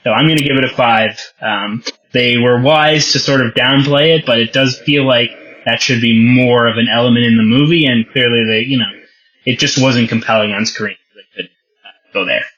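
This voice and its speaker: Podcast co-host, male, bright forceful voice, dull lo-fi sound; rambling, wry film-review chatter. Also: mid-range voice, normal speed. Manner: rambling, self-correcting, wry. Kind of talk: casual film review chat.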